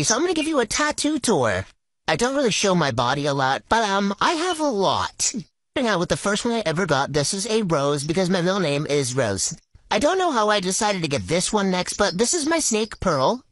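A woman's voice: fairly low pitch, no echo. A young woman creator talking casually to the camera in a chatty, wry, confiding way. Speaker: video creator. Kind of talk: casual vlog talk.

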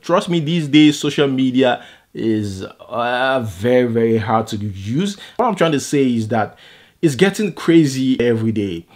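A man's voice: medium pitch, animated, unhurried, darkish tone. A man with a Nigerian accent giving casual, opinionated celebrity news commentary, rambling and checking in with "okay?". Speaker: entertainment news vlogger.

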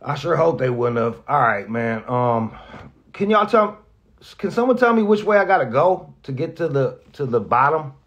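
A man's voice: a little high, very animated, normal speed, a bit bright, highs cut off. Rambling, profane man saying goodbye. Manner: rambling, profane, restarts often; emotional, near tears at times. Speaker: radio host. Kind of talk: casual spoken farewell message.

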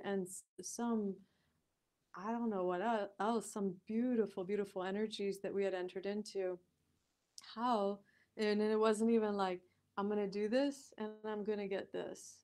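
A woman guest on a podcast, telling a story in a lively conversational way, laughing often and using many fillers like "like" and "you know". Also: mid-range voice.

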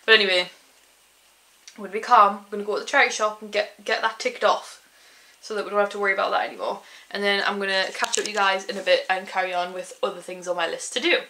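A woman's voice: mid-range voice, flat delivery, fast talker, bright, forceful tone, a little hiss or hum, low-quality recording. A young woman chatting casually in a vlog, ranting in an exasperated way and saying "like" often. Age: young adult. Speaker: vlogger.

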